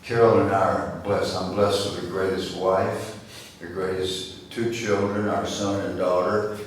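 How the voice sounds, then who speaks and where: A man's voice: low voice, flat delivery, a little slow. An older man giving a storytelling speech to a breakfast gathering, folksy, acting out the voices in his tales. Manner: folksy, acts out dialogue in stories. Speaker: guest speaker. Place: chapel hall. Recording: echoey room from far off with faint noise.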